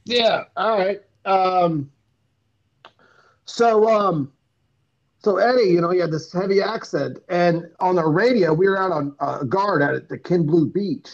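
A man calls in over his phone, his voice sitting a bit high and coming through dull and lo-fi. He rambles through a story, full of ums and false starts, in loose casual chat. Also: a little slow. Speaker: caller.

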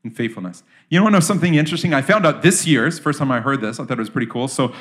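A pastor with a mid-range, fairly bright voice preaches a sermon to his congregation, speaking very fast and with plenty of animation. His style is casual and conversational, and he keeps turning questions back to his listeners.

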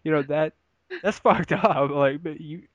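A man's voice: a little high, measured pace, no echo, muffled recording. A man co-hosting a casual podcast, laughing often and swearing casually. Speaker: podcast co-host.

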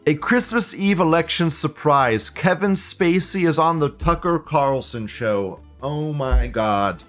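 A man's voice: fairly high pitch, unhurried, faint music behind. A man hosting a live online show, talking in a rambling, profane and mocking way. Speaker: host. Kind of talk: casual live commentary.

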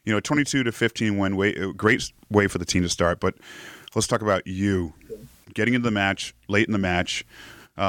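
Chatty low-voiced male podcast host. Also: fairly bright tone, dry recording, clean studio sound. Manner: chatty, laughs often, frequent fillers. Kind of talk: casual livestream chat.

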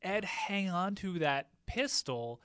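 A podcast co-host who leads a casual, animated recap of a TV episode's plot. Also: medium pitch, slow, noisy background.

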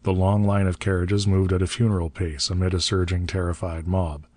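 A man narrates an adventure audiobook in a very deep voice. His reading is steady and measured. The recording is dry and close, with no room sound. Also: no room sound.

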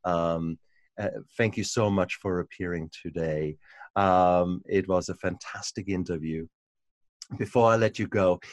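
Deep-voiced male podcast host, halting delivery. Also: no room sound, clean studio sound. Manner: halting, repeats words, warm encouraging fillers. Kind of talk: casual interview.

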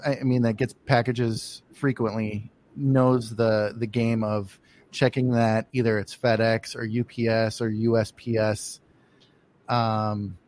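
A man's voice: mid-range voice, darkish tone. A man hosting a casual interview, talking with many fillers and restarts as he asks questions. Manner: hesitant, lots of fillers and restarts. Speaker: podcast host.

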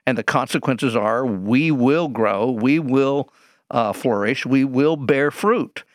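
A man's voice: medium pitch, slow pace, no room sound, studio quality. A man, a Bible teacher, explaining scripture in an interview, posing rhetorical questions and answering them.

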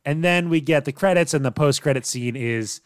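A man co-hosting a casual podcast, recapping plot in a relaxed way and laughing often. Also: on the high side, brisk, no room sound, clean studio sound. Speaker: podcast co-host. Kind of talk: casual chat recapping a TV show.

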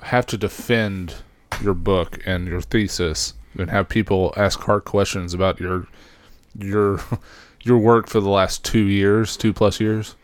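A young man with a low voice, talking in a laid-back, hesitant way with plenty of fillers while co-hosting a casual podcast. The recording is dry and close. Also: steady tone, slow pace, no echo. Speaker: podcast co-host. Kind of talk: casual chat.

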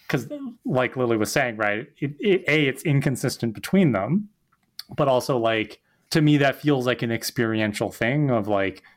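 A man co-hosting a podcast, explaining things in a loose, chatty way with lots of "like" fillers. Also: medium pitch. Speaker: podcast co-host. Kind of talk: casual recap chat.

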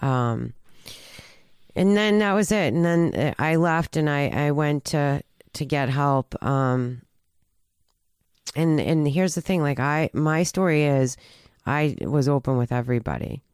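A woman telling a personal story in a halting, earnest way, with many restarts and fillers. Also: low-pitched, a little mellow, clean tone, no echo, clean studio sound. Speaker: guest telling her recovery story.

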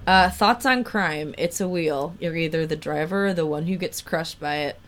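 Low-voiced woman chatting on a podcast. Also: normal speed. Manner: profane, laughing, reads questionnaire answers aloud. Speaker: podcast co-host. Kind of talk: casual chat.

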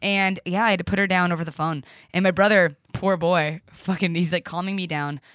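A woman's voice: lowish voice, steady tone, brisk, a bit bright, no echo. A woman guest on a podcast, telling a long personal story in a rambling, profane way full of fillers like "like" and "uh," recorded in a studio. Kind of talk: casual storytelling chat.

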